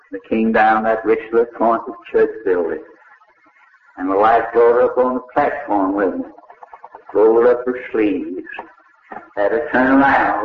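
An older preacher tells a story slowly and dramatically, voicing its people in turn. His voice sits a little low. The old recording is echoey and thin, as though heard over a phone line. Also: a little hiss or hum. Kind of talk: sermon storytelling.

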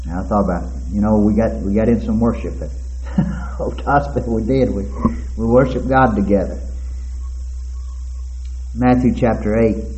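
Male preacher, sermon delivery that swings from quiet murmur to loud, high cries, in a roomy, muffled recording. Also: normal speed, long pauses, slight background noise. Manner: swings from hushed and low to soaring shouted peaks.

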